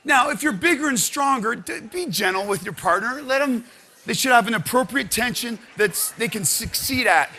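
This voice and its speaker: A man leading a live audience through stretching and partner exercises, coaching energetically and counting out loud. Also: very high-pitched, lively intonation, normal speed, slight background noise. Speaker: exercise instructor. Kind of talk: live workshop exercise instruction. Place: conference room with audience.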